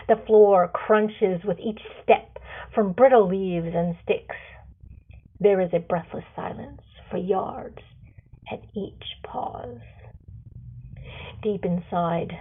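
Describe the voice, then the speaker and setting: A woman author reading her own fantasy story aloud, slow and deliberate with the odd slip, on a phone recording. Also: medium pitch, slightly rough, phone-quality sound.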